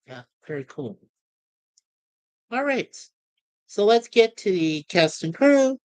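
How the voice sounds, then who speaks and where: A woman's voice: medium pitch, sing-song, slow pace, a little mellow, no echo. Chatty woman reviewing TV episodes. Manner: chatty, rambling with fillers and asides. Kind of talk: casual spoken review.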